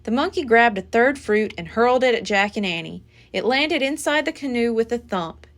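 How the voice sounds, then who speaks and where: A woman reading a children's book aloud as a library storyteller, with an expressive, dramatic delivery. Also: a little high, normal speed.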